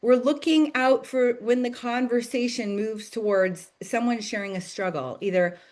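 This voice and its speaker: A woman in her thirties leading a direct-sales team call, chatty and enthusiastic, full of "like"s and "you guys" and quick laughs. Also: a little high. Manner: bursts of laughter and excited acted-out quotes. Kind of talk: casual motivational team call.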